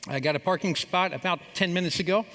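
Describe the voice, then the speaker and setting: Middle-aged guy doing a jokey chapel talk, bright voice, big echoey hall. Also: high voice, fast. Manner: storytelling, jokey, acts out his parents' lines. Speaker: chapel speaker. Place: large hall. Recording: long reverb of a large hall.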